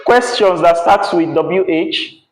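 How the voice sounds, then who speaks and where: A man's voice: sits high, slow, soft background music. A male teacher, teaching a class patiently and checking in often with "yeah?" and "right?". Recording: echoey classroom.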